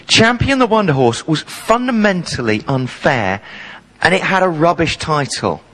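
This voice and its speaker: A man's voice: on the high side, fairly bright tone, low-quality recording. A man in his forties preaching a sermon, telling stories playfully and with humour. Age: 40s. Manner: humorous storytelling, playful.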